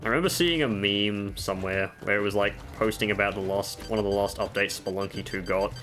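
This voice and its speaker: A man's voice: fairly low pitch, fairly quick, a bit bright, soft background music. A man giving casual gameplay commentary at home, chatting through game tips with offhand self-mocking jokes. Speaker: gaming video creator. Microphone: desk microphone.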